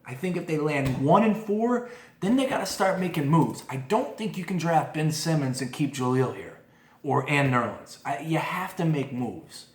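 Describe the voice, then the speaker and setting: A man's voice: a little high, lively intonation, normal speed. A man hosting a casual podcast, giving his opinions in a fired-up monologue with lots of restarts and asides. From moved to Philadelphia as an adult. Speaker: podcast host. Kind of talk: casual sports talk monologue. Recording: roomy echo.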